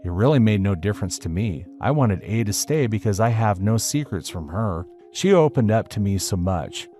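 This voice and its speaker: A man narrating a first-person story aloud with a steady storytelling delivery. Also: on the low side, normal speed. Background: faint music.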